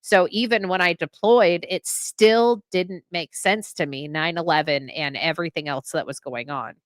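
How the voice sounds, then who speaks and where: A woman in her thirties, a podcast co-host and veteran, talking in a heartfelt, halting way and reading a poem. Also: on the low side, no echo. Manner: emotional, halting with restarts.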